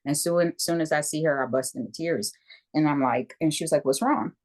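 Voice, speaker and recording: A woman in her fifties, from the US, tells a story as an interview guest in a fairly low voice. She is animated and acts out the people in her tale. She keeps checking in with the listener as she goes. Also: a little fast. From United States. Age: 50s. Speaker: guest, Reiki practitioner.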